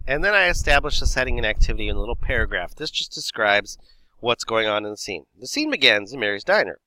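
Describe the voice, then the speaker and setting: A male theatre teacher gives a recorded lesson, walking through script format step by step and reading examples aloud. His voice is bright and forward. The recording is dry and close, with little room sound. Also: mid-range voice, sing-song, fast talker, no room sound, low-quality recording.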